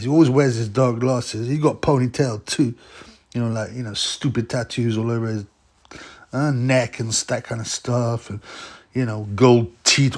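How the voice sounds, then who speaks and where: A man giving rambling, blunt, mocking casual commentary as a boxing vlogger. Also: mid-range voice.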